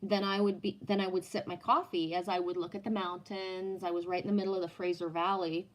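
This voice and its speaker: A woman's voice: fairly low pitch, little pitch movement, brisk. Rambling, foul-mouthed middle-aged woman livestreamer. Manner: chatty, swears freely, trails off mid-thought. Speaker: livestreamer reading chat. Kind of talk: casual rambling chat.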